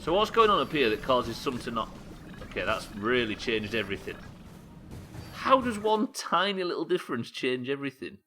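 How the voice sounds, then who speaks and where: Bright, animated man puzzling over a game. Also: mid-range voice, normal speed, soft background music. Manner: puzzled, swearing, thinking aloud. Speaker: game streamer. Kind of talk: live gameplay commentary.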